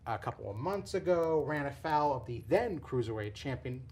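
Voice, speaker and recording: A man hosting a casual podcast, explaining a storyline in a rambling, excitable way with frequent restarts. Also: mid-range voice, moderate pace, hardly any pauses, slightly rough. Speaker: podcast host. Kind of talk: casual wrestling chat.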